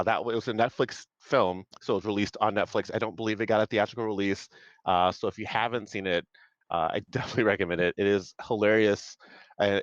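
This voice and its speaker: Rambling, excited low-voiced man. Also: no echo, muffled recording. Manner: rambling, enthusiastic, many fillers. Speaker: panelist. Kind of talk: casual movie review chat.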